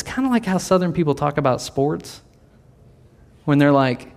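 A man's voice: fairly high pitch, expressive, normal speed, vocal fry, pauses often, a little mellow. A man preaching a sermon in a conversational way, sometimes acting out the voices of the people in his story. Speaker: pastor.

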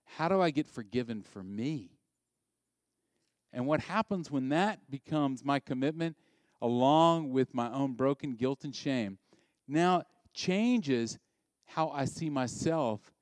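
Animated male preacher, dry close sound. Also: mid-range voice, slow pace, dry recording. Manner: animated, conversational, asks the congregation direct questions. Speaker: pastor. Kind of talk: sermon.

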